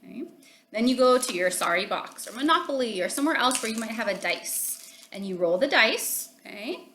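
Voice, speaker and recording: A woman teacher leads a phonics lesson for young children, speaking in an encouraging, sing-song way and often checking in with "okay?". Her voice is bright and forceful. The sound is echoey, like a bare room at home, with a faint hum of ambience behind her. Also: on the high side, lively intonation, brisk.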